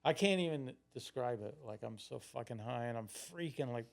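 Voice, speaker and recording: A man in his sixties tells a long, loose story as a podcast guest. He curses freely and slips into the voices of his younger self. His pitch sits in a middling range for a man. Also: animated, normal speed, vocal fry. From Florida, United States. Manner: rambling, heavy swearing, acts out his own past lines. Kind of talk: casual storytelling.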